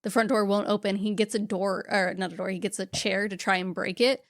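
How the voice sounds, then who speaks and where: A woman's voice: mid-range voice, fairly even intonation, a little fast. A woman co-hosting a film podcast recaps a scene in careful, detailed order. Her voice sits in a middle register. The sound is dry and close, with no room echo. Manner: detailed retelling with acted quotes. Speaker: podcast co-host. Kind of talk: casual movie recap chat.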